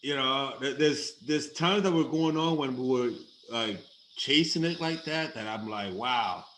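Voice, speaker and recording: A man talks in a casual chat, bright and forceful in tone, emotional and laughing easily. His voice rings in an echoey room with faint ambience behind him. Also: mid-range voice, measured pace, a little hiss or hum. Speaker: host.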